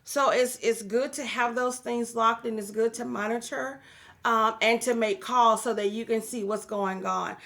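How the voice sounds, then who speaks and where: Gravelly chatty woman hosting. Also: a little high, steady tone, measured pace, a bit bright. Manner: chatty and encouraging, many fillers, addresses viewers as guys. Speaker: host of a business and real estate show. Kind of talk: casual talk to the camera.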